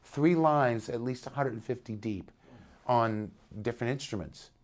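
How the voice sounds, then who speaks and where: A man telling a long story in an interview, animated, often acting out the people he quotes. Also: mid-range voice, moderate pace. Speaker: interviewed musician.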